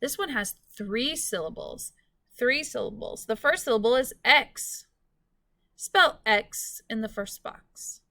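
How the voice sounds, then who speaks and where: A woman teacher giving a recorded phonics lesson, speaking slowly and clearly and stretching out words for students. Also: a little high, lively intonation, bright, forceful tone.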